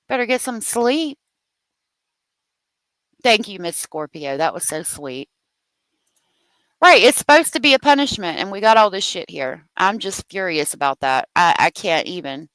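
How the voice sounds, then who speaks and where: A woman's voice: on the high side, fairly bright tone, smooth, no echo, poor audio. A woman hosting a true crime livestream, heated and profane as she talks, thanking viewers for their donations. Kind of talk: angry live commentary.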